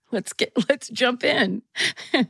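A woman's voice: fairly high pitch, takes it slowly, creaky, a bit bright, slightly rough, dry recording. A woman co-hosting a podcast, reading listener letters aloud in casual chat and laughing often between lines. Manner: laughs often while reading, playful asides. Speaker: podcast co-host.

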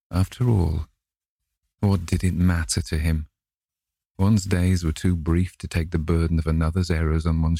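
A man narrating a classic novel in a measured way, lightly voicing the characters. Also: low-pitched, creaky, slightly rough, no room sound, clean studio sound. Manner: measured reading, gently voices each character. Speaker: audiobook narrator.

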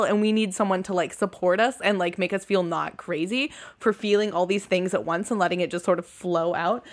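A young woman co-hosting a podcast in casual chat, rambling as she thinks aloud with lots of "like". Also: mid-range voice. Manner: rambling, heavy use of "like".

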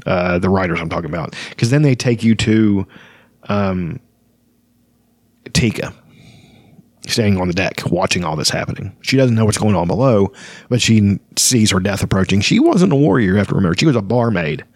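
Man hosting a book chat, rambling with restarts, lowish voice, dry close mic. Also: expressive, normal speed, darkish tone, no room sound. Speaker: podcast host discussing a fantasy novel. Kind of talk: casual chat and reading aloud.

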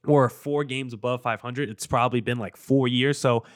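A man's voice: mid-range voice, fairly even intonation, normal speed, dry recording, clean studio sound. Chatty male sports podcast host. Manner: conversational, rambling, upbeat, self-deprecating. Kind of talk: solo sports podcast talk.

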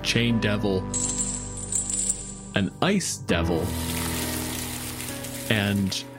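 A man's voice: on the low side, drawn-out words, over music. A man narrating a tabletop game as game master, with wry, dramatic storytelling.

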